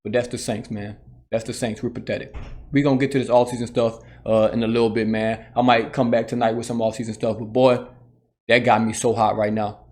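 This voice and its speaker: A man's voice: medium pitch, little pitch movement, a little fast, darkish tone. Heated man ranting as a fan. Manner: heated, profane, repetitive ranting. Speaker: sports channel host. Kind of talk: solo fan rant.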